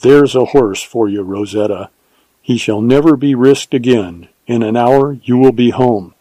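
A man voicing a steady, devoted Texas ranger who speaks slowly and earnestly. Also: medium pitch, dry recording, close to an everyday voice, poor audio. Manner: slow, earnest and tender.

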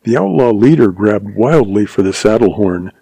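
A man reads a western novel aloud in a steady, dramatic way. His voice is gravelly and husky with a dark, mellow tone. The recording is dry and close. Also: on the low side, normal speed, no room sound, poor audio. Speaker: narrator. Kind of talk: audiobook narration of a western.

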